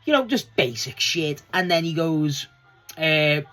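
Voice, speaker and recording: A wrestling fan reviewing last night's show in a loose, chatty vlog, swearing freely and laughing often, with the voice jumping up high when excited. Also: measured pace, faint music behind. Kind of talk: casual solo review vlog.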